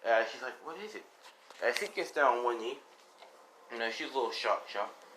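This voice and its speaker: A man's voice: medium pitch, brisk, fairly bright tone, a little hiss or hum. A man casually telling a fan story, rambling and full of fillers as he retells who said what.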